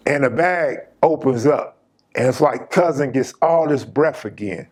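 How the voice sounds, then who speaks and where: A man's voice: mid-range voice, a little slow. A man hosting his channel, casually telling a personal story in an emphatic, slang-heavy way.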